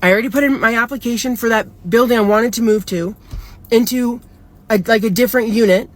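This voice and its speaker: A woman's voice: on the high side, fairly quick. A young woman telling a storytime in a casual, upset and rambling way, swearing a lot. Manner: upset, rambling, heavy swearing, many "like" fillers.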